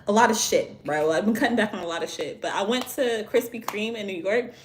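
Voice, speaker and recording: A woman's voice: medium pitch, normal speed, slight background noise. A young woman from Virginia hosting a tarot live stream, chatting in a loose, slangy, profane way. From Virginia, USA. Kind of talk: casual live-stream chat.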